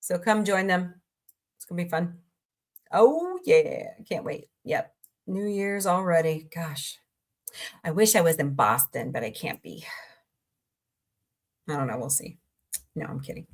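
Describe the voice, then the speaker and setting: A woman's voice: fairly low pitch, expressive, unhurried, long pauses. A woman hosting a casual live stream, chatting and joking with viewers about movies and reading their comments. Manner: chatty, jokey, reads and answers viewer comments. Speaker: livestream host.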